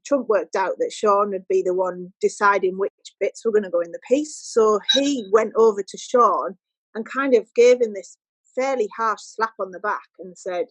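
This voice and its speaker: A woman, a podcast guest telling a story in casual chat and quoting people in lively voices. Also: mid-range voice, slightly rough, dry recording, low-quality recording.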